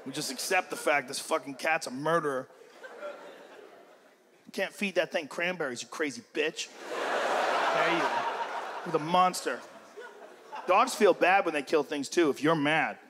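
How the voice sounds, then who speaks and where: A man performing a stand-up routine on stage, loud and profane, acting out the animals in his bits. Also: a little high, measured pace, long pauses, heavy background noise. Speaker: stand-up comedian. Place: comedy stage before a large audience. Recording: live show with loud crowd. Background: loud audience laughter.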